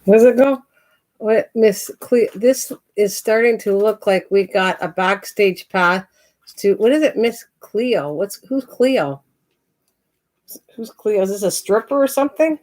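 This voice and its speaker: A woman's voice: medium pitch, animated, slow pace, long pauses, a little mellow. A woman hosting her crafting channel, chatting casually and teasing while she works on journal pages. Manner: chatty, teasing, laughs easily.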